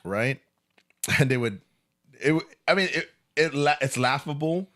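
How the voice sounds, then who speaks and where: Animated man telling stories. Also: a little high, a little slow. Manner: animated storyteller, acts out quotes. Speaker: co-host. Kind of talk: casual podcast discussion.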